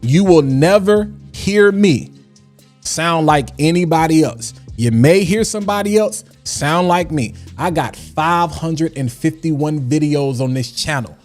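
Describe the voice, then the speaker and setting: A man's voice: on the high side, unhurried, a little mellow, soft background music. A man hosting a casual livestream, talking in a preachy way and repeating lines for emphasis. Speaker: livestream host.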